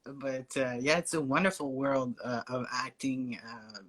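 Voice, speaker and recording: A man with a French Canadian accent, chatting as a guest in a casual conversation, hesitant with fillers and quick to laugh. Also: mid-range voice, a bit bright.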